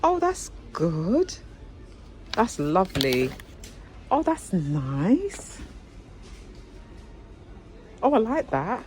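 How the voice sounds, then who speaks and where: A woman's voice: lowish voice, big pitch swings, very slow, long pauses, noisy background. A woman chatting to viewers about what she finds while shopping, exclamatory and talkative. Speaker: vlogger. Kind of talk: casual shopping vlog chat. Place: indoor shop.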